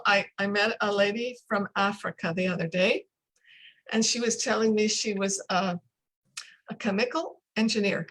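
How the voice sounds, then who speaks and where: An older woman, a speech coach, explaining pronunciation in a casual interview over a video call, slowing down to demonstrate sounds. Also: a little high, a bit bright, poor audio. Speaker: accent coach.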